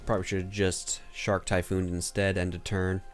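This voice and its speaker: A man's voice: low voice, completely flat delivery, moderate pace, music in the background. A man streaming a card game, commenting casually and thinking aloud as he plays, sometimes counting under his breath.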